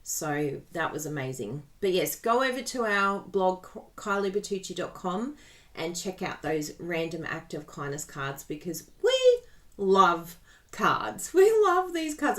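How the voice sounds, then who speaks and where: Hosting a chatty live card-making tutorial, an Australian woman talks directly and bubbly to her viewers. Her voice leans low with a fairly bright tone, captured by a plugged-in microphone at a desk.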